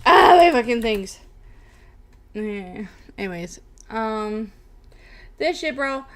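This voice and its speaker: A woman's voice: on the high side, sing-song, takes it slowly. A young woman streamer chatting casually and rambling, swearing often and tagging lines with "bro" and "okay?". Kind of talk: casual livestream chat.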